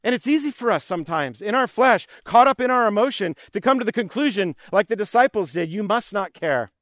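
A man's voice: high voice, lively intonation, fast talker, a bit bright, no room sound, clean studio sound. A man preaching a sermon in an earnest, repetitive cadence, now and then acting out anxious pleas. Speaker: pastor.

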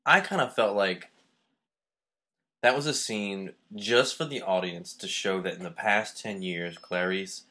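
An American man co-hosting a podcast, talking casually about a film in a relaxed, loose way. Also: low voice, measured pace. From United States. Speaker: podcast co-host.

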